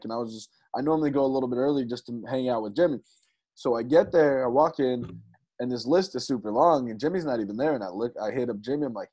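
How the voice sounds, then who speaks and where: A male stand-up comedian telling a story in casual chat, animated and swearing, acting out other people's lines. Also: medium pitch, quick pace.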